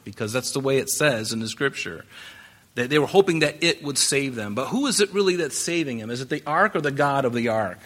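A man's voice: mid-range voice, a bit bright. A man preaching a conversational Bible-teaching sermon, with asides and rhetorical questions to the congregation. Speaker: pastor.

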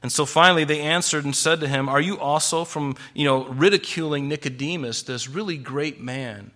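A man preaching an expository sermon, animated and full of rhetorical questions. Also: fairly high pitch, a little fast. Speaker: pastor.

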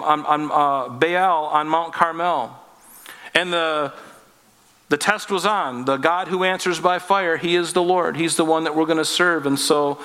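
A man preaching with a bright, forceful tone and a voice a little higher than most men's. He drives his points home emphatically, with rhetorical questions and wry asides. His words ring out with a long reverb from a church hall. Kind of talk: sermon.

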